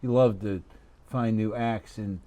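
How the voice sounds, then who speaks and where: A man's voice: lowish voice, steady tone, unhurried, dark tone. A man co-hosting a podcast in casual chat, rambling through anecdotes and chuckling at himself. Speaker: podcast co-host.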